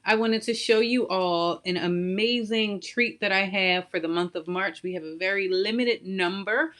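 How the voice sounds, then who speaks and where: A woman's voice: medium pitch, steady tone, moderate pace, fairly bright tone. A woman in her thirties or forties hosting a casual live stream from home on a computer mic. She talks chattily and greets her viewers by name. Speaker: live stream host, soap maker.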